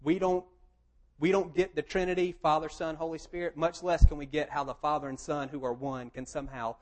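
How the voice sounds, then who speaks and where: A man's voice: on the high side, steady tone, a little fast, poor audio. A man preaching a sermon, reading scripture aloud and then explaining it in a plain, conversational tone. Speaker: pastor.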